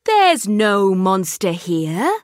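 A woman reading aloud and voicing a calm, patient mother tucking her son in. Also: medium pitch, extremely slow, dry recording, studio quality.

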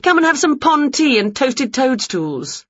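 A woman's voice: high-pitched, a little slow, no echo, lo-fi sound, pitched above the performer's own voice, exaggerated voice. A woman voicing a scatterbrained, cheerful witch in a read-aloud storybook. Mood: excited. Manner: excitable, exclamatory. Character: dizzy, cheerful middle-aged witch woman.

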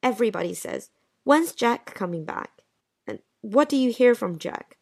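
A woman's voice: a little high, lively intonation, moderate pace, vocal fry, a little mellow, no echo, clean studio sound. A woman voicing Jean, an anxious, lovesick wife who pleads with her absent husband, in a dialogue drama reading. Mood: sad. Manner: pleading, breathless and emotional.

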